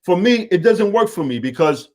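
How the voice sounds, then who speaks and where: A man's voice: high-pitched, expressive, moderate pace, darkish tone. Laid-back streetwise man, casual talk. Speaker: guest, media and water business owner. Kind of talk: casual chat. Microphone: call-in line.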